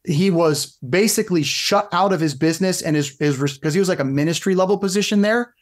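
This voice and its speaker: A middle-aged fitness coach appears as a podcast guest in a casual storytelling interview, speaking fairly quickly in a slightly high voice. He tells his stories animatedly, doubling back and restarting sentences as they run on.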